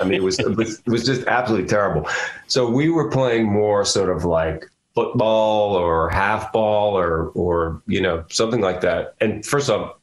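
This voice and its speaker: A man's voice: sits low, reverberant. A man in his sixties from Philadelphia with a Philadelphia accent, an actor chatting as a guest in a casual interview, rambling with many restarts.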